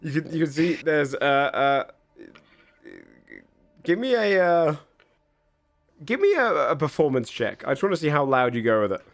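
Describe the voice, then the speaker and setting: A man's voice: a little high, sing-song, normal speed, pauses often, no room sound, soft background music. A man narrating as game master, rambling with lots of filler sounds as he describes scenes. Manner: rambling, many fillers and restarts.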